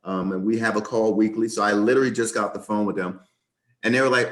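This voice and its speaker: A man speaking as a guest on a video-call interview, an animated storyteller with quick asides. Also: fairly low pitch. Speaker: guest, business owner.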